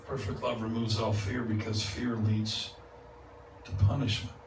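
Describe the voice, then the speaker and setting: A man preaching a revival sermon as a guest speaker, moving from calm teaching to loud, laughing exclamations. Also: fairly low pitch, measured pace. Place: church sanctuary. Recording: echoey church, distant mic, noisy. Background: congregation responding.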